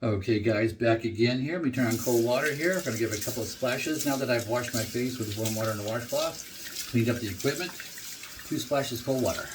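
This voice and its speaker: A middle-aged man chatting casually through a shave review in his home bathroom, relaxed and full of fillers. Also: medium pitch, a little fast, background noise. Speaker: shaving vlogger.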